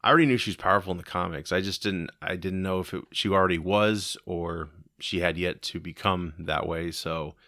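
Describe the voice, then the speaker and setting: A man co-hosting a podcast, chatting casually and agreeably, acting out quotes with sudden jumps in pitch. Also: brisk, hardly any pauses, pushed and bright, no echo, clean studio sound. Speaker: podcast co-host. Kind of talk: casual chat.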